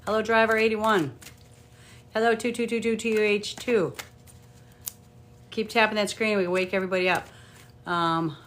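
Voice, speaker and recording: A chatty middle-aged woman with a somewhat low voice, casually reading tarot cards for viewers on a live stream. She greets people by name and mutters little asides to herself between readings. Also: slight background noise. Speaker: tarot card reader.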